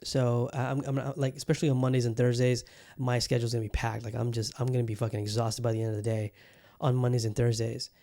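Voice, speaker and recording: A man's voice: mid-range voice, level tone, fast talker, creaky, mellow. A man hosting a podcast in loose casual chat, rambling with frequent swearing and restarts. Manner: rambling, profane and self-interrupting. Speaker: podcast host.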